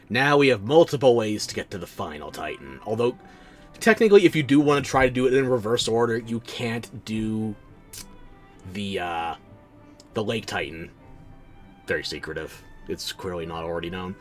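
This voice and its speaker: A man streaming a game, tired and yawning, with sleepy sarcastic asides to the characters on screen. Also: medium pitch. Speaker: streamer playing a video game. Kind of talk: casual let's-play commentary.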